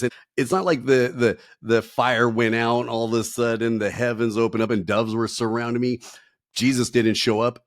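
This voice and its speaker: A man's voice: lowish voice, no room sound, studio quality. A middle-aged man and retired firefighter, telling his story in a casual, blunt, slangy way and acting out the voices he quotes. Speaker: podcast guest, retired firefighter. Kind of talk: candid storytelling interview.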